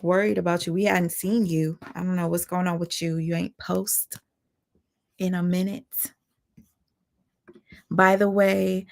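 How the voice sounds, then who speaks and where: A woman hosting a casual live stream, chatty and excitable, greeting viewers by name. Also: mid-range voice, creaky.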